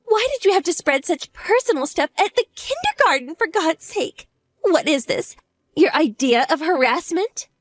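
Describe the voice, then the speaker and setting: A woman's voice: very high-pitched, very animated, moderate pace, no room sound. A woman voicing a jealous mistress in an audio drama, shrieking accusations and close to tears. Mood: furious. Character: shrill jealous mistress, young adult woman, furious.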